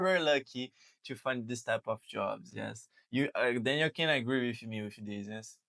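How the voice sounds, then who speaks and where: A man's voice: medium pitch, measured pace, vocal fry, fairly bright tone. A man from Brazil with a Brazilian Portuguese accent, speaking English as a second language as host of a casual chat, earnest and repetitive, often saying "man". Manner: earnest, repeats words and says "man". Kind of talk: casual conversation.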